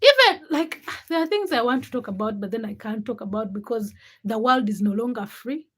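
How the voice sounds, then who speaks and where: This is a young woman in her twenties running a casual livestream and chatting with viewers. Her voice sits high, and she talks in an outspoken, animated way. She often restarts her sentences as she thinks aloud. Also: a little fast, slightly rough. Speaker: livestream host. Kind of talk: casual livestream chat, reading viewer comments.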